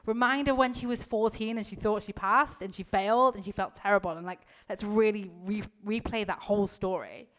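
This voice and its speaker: Woman doing an eager gossipy inner critic, gleeful, mid-pitched. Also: fairly quick, few pauses, a bit bright, natural voice.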